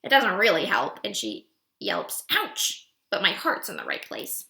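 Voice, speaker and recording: A woman reading a first-person children's novel aloud in an expressive, wry narration, recorded with a roomy echo. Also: lowish voice, moderate pace, gravelly, slight background noise. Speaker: audiobook reader.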